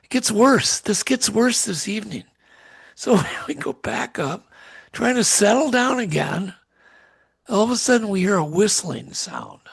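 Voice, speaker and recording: A middle-aged man telling a strange story as a podcast guest, animated and acting out what people said. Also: sits high, unhurried, vocal fry, slightly rough. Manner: animated storyteller, acts out quotes.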